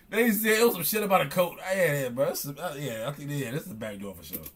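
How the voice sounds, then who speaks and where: A young man from with a raised, fairly high voice, reacting to a video on stream. His is thick with slang, and he gets loud and excitable, circling back over the same words. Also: fast talker, husky. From Chicago. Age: young adult. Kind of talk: casual reaction commentary.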